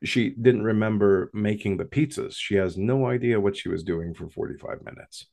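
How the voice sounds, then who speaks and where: Low gravelly guy telling a creepy true story, slow and dramatic. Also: a little mellow. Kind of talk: first-person paranormal story.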